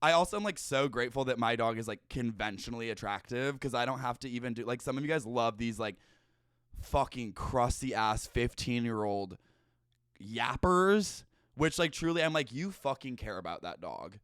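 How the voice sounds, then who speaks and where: A young man talks straight into a close podcast mic in a casual comic monologue, rambling and swearing with "like" in nearly every line. His voice is smooth and clear at a middling pitch. The sound is dry, with no room around it. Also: animated, normal speed, fairly bright tone, no room sound. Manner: rambling, profane, filler-heavy with lots of "like". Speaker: podcast host.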